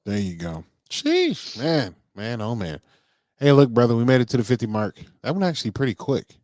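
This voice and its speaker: An easygoing man in his thirties co-hosts a podcast in a mid-pitched voice. He tells loose, wandering stories, padded with fillers. The sound is dry and close. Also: big pitch swings, moderate pace, a little mellow, no echo. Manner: rambling storyteller, leans on fillers like "like" and "you know". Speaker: podcast co-host. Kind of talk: casual chat.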